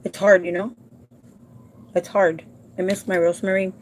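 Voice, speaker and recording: A woman's voice: mid-range voice, level tone, slight background noise. Heartfelt woman talking to her viewers. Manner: emotional and heartfelt, addresses viewers as "you guys"; halting with repeated restarts when upset. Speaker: home care provider and vlogger. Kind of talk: casual talk to viewers. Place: at home.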